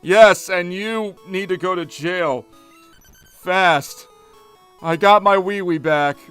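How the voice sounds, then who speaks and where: A man voicing a pushy male daycare keeper from a video game, squeaky, shrill and theatrical. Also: slow pace, a bit bright, clear, resonant tone, soft background music.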